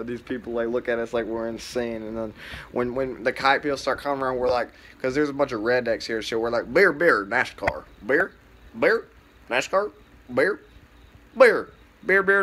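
Young man, laid-back rambling storyteller, bright forceful tone, lots of swearing and fillers. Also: mid-range voice, slight background noise. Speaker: vlogger.

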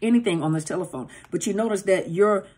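A woman's voice: mid-range voice, quick pace, a little mellow, husky. A woman coach explaining narcissistic abuse in a casual, conversational teaching talk, acting out bits of dialogue with lots of "you know" asides. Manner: conversational, acts out dialogue with filler-heavy asides.

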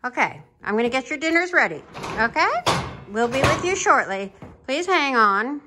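A woman's voice: high-pitched, big pitch swings, normal speed, noisy background. A woman who works as a flight attendant, playfully running a mock in-flight meal service outdoors while feeding horses, with cheery, teasing cabin-crew patter.

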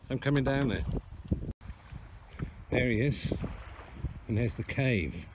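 A man's voice: medium pitch, expressive, slow pace. Older aussie bloke rambling to his camera outdoors, puffing a bit, windy noisy background. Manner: chatty, rambling commentary while walking. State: out of breath. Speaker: vlogger. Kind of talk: casual outdoor vlog. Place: outdoors by the coast. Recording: outdoor camera with wind noise.

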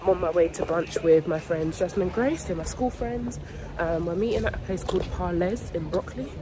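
A woman's voice: fairly low pitch, fairly quick, crowd noise. A woman chatting casually to camera as a vlogger, talkative and often giggling. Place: parked car.

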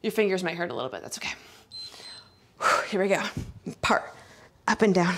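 A woman's voice: on the low side, animated, normal speed, long pauses, fairly bright tone. A woman fitness coach leading a follow-along workout, out of breath as she exercises, giving upbeat cues and countdowns. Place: indoors, not outside.

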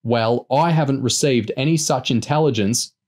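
A man's voice: mid-range voice, normal speed, voice pushed up, lightly acted. A man voicing a smug male commando leader who talks down patronizingly and sourly, in an audiobook reading. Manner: patronizing, sour, shouting over the line.

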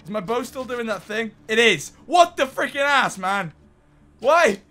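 Excitable young man, lively pitch. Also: unhurried, soft background music. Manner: excitable, swears mildly, often laughs and yells at enemies. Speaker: gaming YouTuber. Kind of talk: gameplay commentary.

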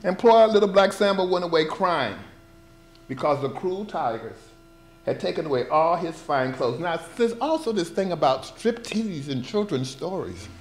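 A man's voice: fairly high pitch, sing-song, normal speed. Man reading a storybook with wry asides. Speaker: performing artist. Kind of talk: reading a children's story aloud with comic asides. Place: live performance event at an art gallery.

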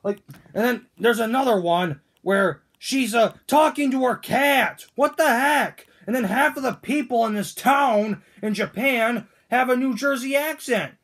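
A man's voice: very high-pitched, measured pace, fairly bright tone, full character voice. A man voicing Toad as a grumpy, whiny male figure in a fan-made cartoon, ranting with indignant questions.

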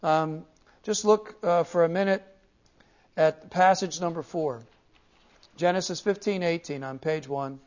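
A man's voice: on the high side, a little slow. A male pastor teaching a class, emphatic and repeating key words to drive each point home. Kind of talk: classroom theology lecture. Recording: dull lo-fi cassette tape.

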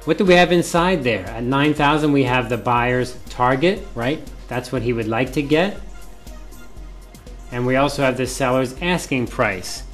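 A male professor giving a classroom lecture, often repeating key points and asking rhetorical questions. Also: mid-range voice.

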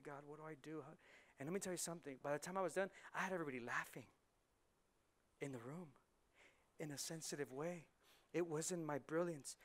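A man preaching a lively sermon in a church, dropping to near whispers and rising to excited shouts, often acting out quick voices. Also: fairly high pitch. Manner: animated, swings from hushed to shouting, acts out voices. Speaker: pastor. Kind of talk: energetic sermon. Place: church hall.

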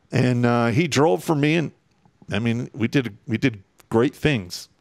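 A man, a military veteran, telling war stories in a casual, profane and animated way. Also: medium pitch, vocal fry, no echo, studio quality.

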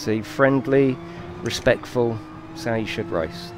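A man's voice: medium pitch, unhurried. A man commentating his own racing game on a live stream, swearing, apologising and giggling, with music playing behind him.

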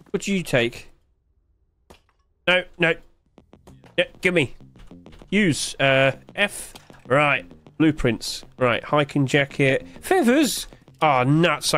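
A man's voice: on the high side, a bit bright. A man giving casual gameplay commentary, thinking aloud, puzzled and joking, with plenty of fillers. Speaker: streamer playing a game.

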